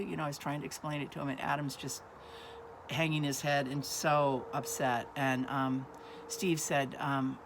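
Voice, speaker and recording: A woman in her sixties casually telling a family story, halting often with ums and uhs. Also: rumbling low, little pitch movement, noisy background.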